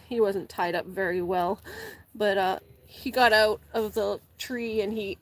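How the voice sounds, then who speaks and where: A woman's voice: mid-range voice, fairly even intonation, measured pace. A young woman vlogger chatting casually while gardening, rambling, saying "like" a lot and laughing often. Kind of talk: casual chat. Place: garden, repotting plants.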